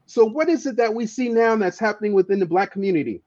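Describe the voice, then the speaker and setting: A man's voice: sits high, animated, quick pace, darkish tone. A man speaking as an activist guest, telling a story with passion and often stumbling over repeated words. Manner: emphatic, stammering repeats of words. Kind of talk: impassioned storytelling in conversation. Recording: dull lo-fi audio.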